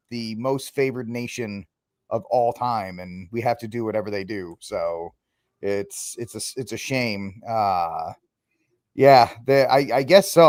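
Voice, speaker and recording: A man hosting a casual talk show with a mid-range voice, joking and wandering off on tangents. The sound is close and dry with no room echo. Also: medium pitch. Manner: joking, rambling, laughs often. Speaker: show host. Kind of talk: casual podcast chat.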